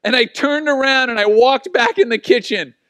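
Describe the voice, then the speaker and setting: Pastor, 40s male, high tenor, dry close sound, animated self-mocking storyteller. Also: normal speed, no room sound. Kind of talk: sermon with personal stories.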